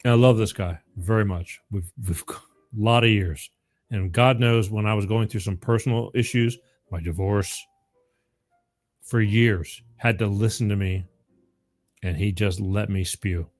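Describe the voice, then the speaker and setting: A man's voice: fairly low pitch, steady tone, unhurried, faint music behind. A middle-aged man hosting a call-in show, chatting casually and rambling, with frequent laughs and repeats. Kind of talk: casual call-in radio chat.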